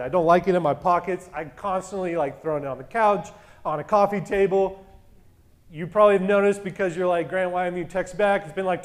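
A man in his thirties casually telling a story as a podcast co-host, animated and acting out the dialogue in a loud voice that carries. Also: high voice. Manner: animated, acts out quoted dialogue.

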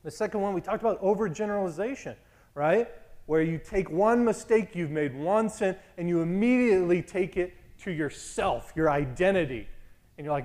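A man delivers a casual, conversational sermon, telling stories with lively asides. His voice sits on the higher side. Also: moderate pace. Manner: conversational, animated storytelling with asides.

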